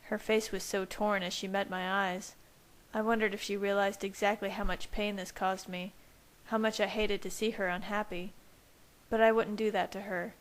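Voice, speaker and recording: A woman reading fanfiction aloud as first-person narration in a steady, even manner. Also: mid-range voice, moderate pace, low-quality recording. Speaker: fanfiction reader. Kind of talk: audiobook-style narration.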